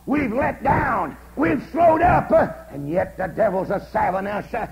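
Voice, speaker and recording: Fiery gravelly-voiced man preaching revival. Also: sits high, sing-song, normal speed, few pauses, poor audio. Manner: swings from hushed storytelling to shouted fervor. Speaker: camp meeting preacher. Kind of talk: holiness revival sermon. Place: large camp meeting service.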